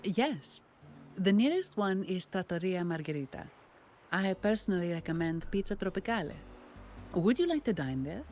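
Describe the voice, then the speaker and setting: A low, Italian-accented bodyguard. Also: female voice, sing-song, normal speed, a little mellow, faint music behind. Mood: courteous. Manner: polite, formal, businesslike. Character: poised formal young woman banker-bodyguard. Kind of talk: game character dialogue.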